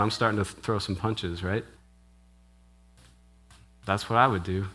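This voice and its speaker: A male minister delivers an interactive, conversational sermon at a measured pace, his slightly low voice bright, forceful, and a bit rough. He keeps asking the congregation questions with a frequent "right?", restarting sentences and laughing briefly.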